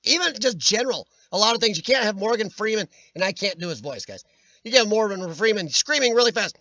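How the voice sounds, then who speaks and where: A man's voice: high voice, lively intonation, brisk, bright, forceful tone, dry recording, lo-fi sound. Nasal, cracking-voiced man chatting on stream. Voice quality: nasal, worn voice that sometimes cracks. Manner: rambling, jokey, laughs often. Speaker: livestream host. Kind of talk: casual chat. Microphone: webcam.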